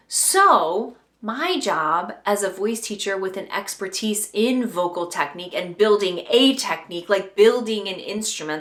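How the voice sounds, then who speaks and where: A woman's voice: fairly high pitch, a bit bright, echoey room. A young adult woman hosting a podcast as a voice teacher, talking in a bubbly, playful, chatty way. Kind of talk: enthusiastic podcast monologue.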